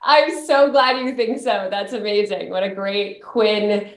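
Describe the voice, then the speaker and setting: A woman founder talks fluently and brightly about her product as a guest on a radio show. Her voice comes through a roomy, echoey line. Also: medium pitch, a little slow. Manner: fluent, upbeat explaining. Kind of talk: radio interview.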